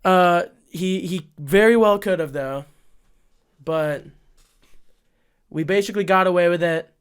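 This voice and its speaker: A young man co-hosting a podcast, telling a story in casual chat, profane and excitable, laughing often. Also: high-pitched, measured pace, clean tone. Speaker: podcast co-host.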